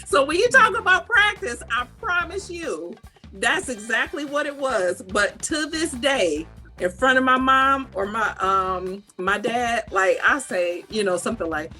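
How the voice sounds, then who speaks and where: A woman co-hosts a casual talk and tells stories with energy. Her voice is bright and sits a little high, and her pitch swings widely. Faint music plays underneath. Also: a little slow. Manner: animated and expressive, laughs often. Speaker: co-host. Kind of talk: casual chat.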